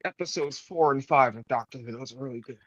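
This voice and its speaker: A man co-hosting a casual fan podcast, enthusiastic and quick to laugh. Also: mid-range voice, no room sound. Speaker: podcast co-host. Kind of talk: casual chat. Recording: dull, lo-fi, dry mic.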